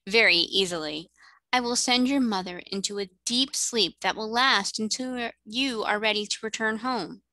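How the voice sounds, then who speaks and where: A woman voicing a gracious, kindly mermaid queen who speaks in a cordial, measured way. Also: mid-range voice, bright, forceful tone, no room sound, rough recording.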